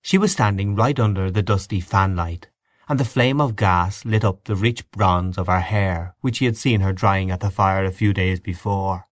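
A man giving a measured, expressive audiobook narration of a story. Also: deep voice, no room sound. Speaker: audiobook reader. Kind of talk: scripted narration.

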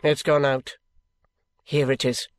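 A man voicing a furtive, sly old male shopkeeper who talks in a hoarse whisper. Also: medium pitch, little pitch movement, slow pace, dry recording, natural voice. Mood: secretive.

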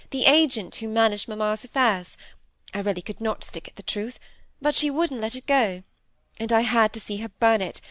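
Young woman pouring out a regretful confession, read by a woman; higher voice, close dry sound. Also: no echo, lightly acted. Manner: earnest, regretful, rising to indignation. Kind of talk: audiobook reading of dialogue.

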